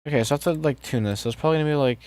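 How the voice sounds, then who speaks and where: A man's voice: fairly high pitch, racing. A man making music on a live stream, chatting casually with viewers and joking as he works. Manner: relaxed, jokey, talks to chat while working.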